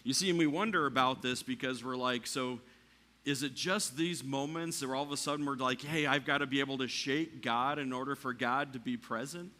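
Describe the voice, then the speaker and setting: A man preaching a sermon in a church, climbing to near shouting at the peaks and dropping quiet for the calm lines. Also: medium pitch, brisk. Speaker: pastor.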